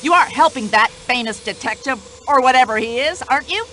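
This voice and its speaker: A woman's voice: sits high, expressive, a little fast, fairly bright tone, a little hiss or hum, poor audio. A woman voicing a talkative, indignant older widow in a radio play, speaking. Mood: impatient, indignant. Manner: indignant, chatty, complaining.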